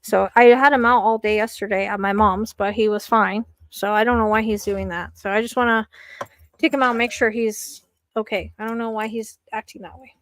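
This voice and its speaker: A woman's voice: mid-range voice, steady tone, a little fast, a bit bright, no echo. A young woman hosting a late-night psychic live stream from home, rambling with lots of fillers and sounding a little anxious.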